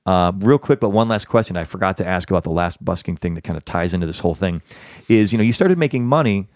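A man's voice: low-pitched, lively intonation, fast talker, a little mellow, no room sound, studio quality. A man hosting a podcast, chatting in a rambling, talkative way that often interrupts itself. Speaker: podcast host. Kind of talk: casual interview chat.

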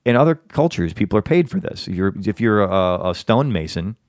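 A man's voice: lowish voice, big pitch swings, fairly quick, darkish tone, no room sound, clean studio sound. A man hosting a podcast, chatting in a rambling, talkative way that often interrupts itself. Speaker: podcast host. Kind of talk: casual interview chat.

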